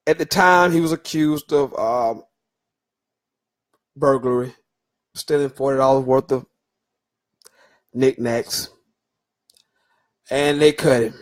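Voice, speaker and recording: A man's voice: mid-range voice, slow pace, long pauses. A middle-aged man hosting a solo sports talk podcast, loose and opinionated, with fillers and stumbles as he reads through lists.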